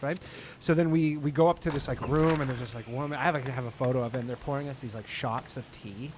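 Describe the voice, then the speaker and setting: A man's voice: mid-range voice, fast. A man in casual chat, animatedly telling a story, acting out other people's lines and swearing freely. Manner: animated, acts out quotes, swears. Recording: noisy stream audio with clicks.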